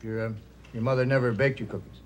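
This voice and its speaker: An actor playing God as a mild, patient man who asks calm, hesitant questions in a 1970s television drama. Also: medium pitch, fast talker, slight background noise, natural voice. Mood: gentle.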